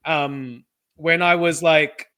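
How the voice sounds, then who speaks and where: Young male podcast co-host, casual storyteller with a bright, raised voice. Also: a little high, steady tone, slow, clean tone. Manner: chatty storyteller, laughs often, acts out relatives' voices. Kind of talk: casual chat.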